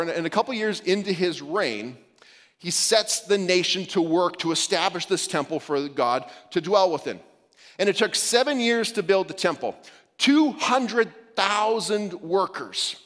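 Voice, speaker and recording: A man's voice: high-pitched, a bit bright. A man preaching a sermon as a pastor, conversational, with light humor and frequent restarts. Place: church sanctuary. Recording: long reverb of a church hall.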